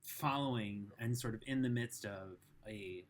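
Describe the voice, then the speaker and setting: A man's voice: on the low side, measured pace, a little hiss or hum. A man co-hosting a podcast, talking in thoughtful, wry casual chat. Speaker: podcast co-host.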